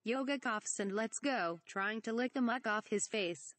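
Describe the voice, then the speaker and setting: A woman's voice: on the high side, measured pace, a bit bright, dry recording. Woman reading stage directions. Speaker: reader.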